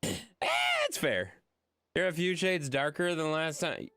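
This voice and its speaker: A woman's voice: low-pitched, unhurried, clean tone, dry recording. A woman live-streaming a game, chatting casually and jokily with her viewers and reading their messages aloud. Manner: animated, jokey, reads chat aloud and swears freely.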